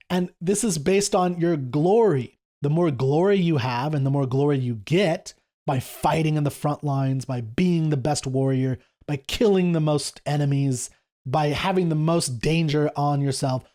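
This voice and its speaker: Animated man explaining an epic poem. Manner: animated, reads quoted speeches slower and lower. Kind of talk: casual lecture with read-aloud quotes.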